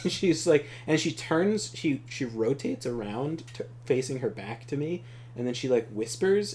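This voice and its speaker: A man's voice: medium pitch, lively intonation, measured pace, darkish tone, slight background noise. A man hosting a co-op gameplay video, telling stories in a rambling, profane way and laughing often. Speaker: co-op gameplay host. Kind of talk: casual storytelling chat.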